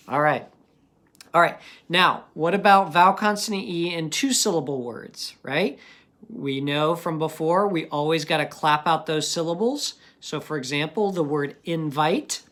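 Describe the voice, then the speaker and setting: A man teaching a phonics lesson to young pupils, sounding out words slowly and asking patient questions. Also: a little high, a bit bright.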